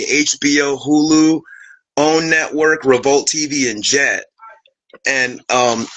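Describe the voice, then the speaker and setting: A man hosting an interview, excited and laughing, stumbling over his words as he introduces his guest. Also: on the high side, low-quality recording. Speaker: host.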